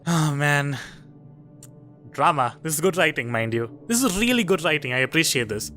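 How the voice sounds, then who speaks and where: A man giving let's play commentary, excitable, profane and self-mocking. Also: on the high side, moderate pace, soft background music. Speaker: gamer.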